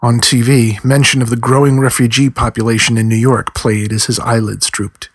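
With a level tone and a husky, faintly breathy quality, a man narrates a novel for an audiobook in a measured, scripted reading. His pitch is middle-of-the-road, and the close-miked recording is dry, without any echo or surrounding room sound.

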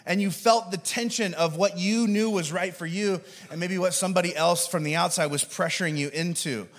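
A man's voice: high-pitched, normal speed. A man in his thirties giving a conversational sermon as pastor, joking and using filler words.

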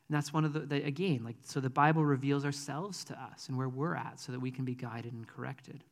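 A man's voice: medium pitch, fairly even intonation, a little fast, few pauses. Earnest man preaching in an echoey hall. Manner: conversational, earnest, frequent ums. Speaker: pastor. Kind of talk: sermon.

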